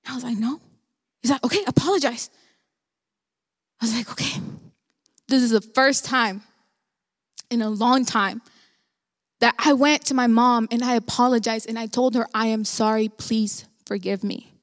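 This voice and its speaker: A young woman telling a personal faith story to her viewers, animated, acting out quoted dialogue. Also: fairly high pitch, moderate pace, long pauses, big-room sound.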